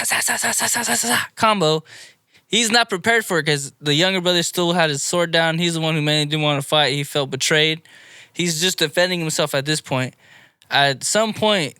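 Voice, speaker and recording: A man co-hosting a casual podcast, recapping anime episodes in a rambling, animated play-by-play. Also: fairly high pitch, clear, resonant tone, no echo, clean studio sound. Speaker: podcast co-host.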